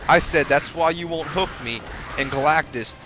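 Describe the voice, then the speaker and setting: A young man hosting his gaming video, giving profane, excitable commentary with sudden yelps while he plays. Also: fairly high pitch, moderate pace, background noise. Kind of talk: profane live gameplay commentary. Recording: game music behind voice.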